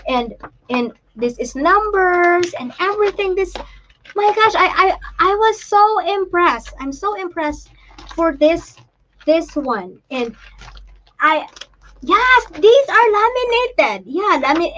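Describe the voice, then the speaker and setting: A woman hosting a casual live chat, talking in a halting, emotional way with many restarts while she shows things to the camera. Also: very high-pitched, fairly bright tone, highs cut off, a little hiss or hum. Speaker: livestream host and parent.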